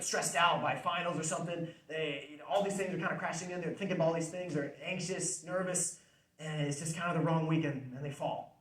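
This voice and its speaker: A man in his twenties giving an earnest, conversational faith-based motivational talk, repeating key phrases. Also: on the high side. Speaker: speaker. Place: student center hall. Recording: roomy hall from far off.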